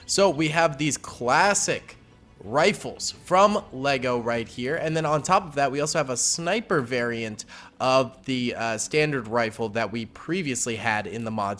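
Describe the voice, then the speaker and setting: Excitable man commentating a battle game. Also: fairly high pitch. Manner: excitable, exclaims at big hits. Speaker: gaming YouTuber. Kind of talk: casual gameplay commentary. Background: faint game gunfire and music.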